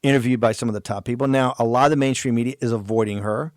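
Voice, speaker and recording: A man's voice: mid-range voice, steady tone, rapid-fire, a little mellow, no room sound. A man hosting a political talk radio show, delivering an emphatic, fiery rant.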